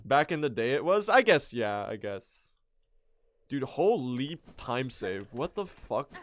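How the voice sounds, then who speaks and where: A Swedish streamer with an American-sounding accent chats casually with viewers while speedrunning a game, answering chat questions and swearing now and then. His mid-range voice is sing-song and slow. A little hiss or hum runs under the audio.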